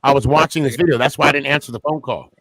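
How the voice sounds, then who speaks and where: Man, podcast host, relaxed slangy talk, dry close sound. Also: medium pitch, rapid-fire, no echo. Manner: laid-back, slangy, thanks guests warmly. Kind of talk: casual call-in chat.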